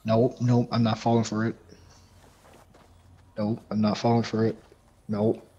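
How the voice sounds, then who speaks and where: A man's voice: lowish voice, monotone, unhurried, warm tone, breathy edge, highs cut off. A man streaming a game, chatting casually and chuckling with a teammate. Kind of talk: casual gaming chat.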